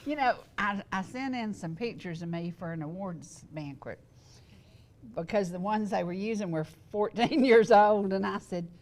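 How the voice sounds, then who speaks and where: A woman's voice: medium pitch, moderate pace, a little mellow. Older woman, wheezy and stuffed up, chatty talk show host, laughs a lot. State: wheezy and congested. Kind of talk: casual chat. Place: TV studio set.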